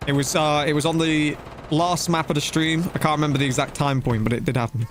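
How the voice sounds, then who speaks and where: Young man, game streamer, slightly high voice, loose slangy chat, faint background hum. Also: fairly even intonation, quick pace. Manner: chatty and loose, talking to chat while playing, slangy with "bro" and "dude". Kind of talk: casual live-stream commentary.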